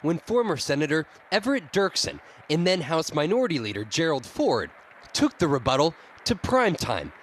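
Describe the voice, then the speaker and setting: A male correspondent narrating a scripted news package in a fairly high voice. His pitch rises and falls a lot, giving the report plenty of movement. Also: big pitch swings, moderate pace, a little hiss or hum.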